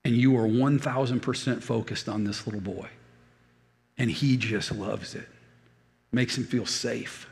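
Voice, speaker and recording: A man's voice: medium pitch, fairly even intonation, measured pace, gravelly, long reverb tail. An older man preaching a sermon as a pastor, telling stories and repeating key phrases for emphasis. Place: church hall.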